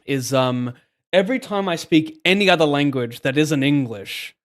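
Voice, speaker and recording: A man's voice: on the high side, normal speed, a bit bright. A young man streaming poker, chatting casually, swearing and joking at his own expense. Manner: swearing, joking, self-mocking. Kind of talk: casual live-stream commentary.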